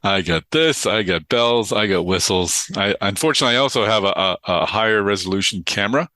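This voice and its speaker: A man's voice: lowish voice, a little fast, bright, forceful tone, dry recording. A middle-aged man with a Boston accent, hosting a podcast over a video call, chatty and joking with plenty of filler uhs. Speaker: podcast host. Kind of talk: casual podcast chat.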